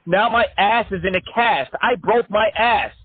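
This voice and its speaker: A man putting on a whiny, aggrieved caller who piles on crude complaints. His husky voice sits high and comes over a narrow, phone-like line. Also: lively intonation, normal speed, no room sound. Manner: exaggerated complaining, crude jokes.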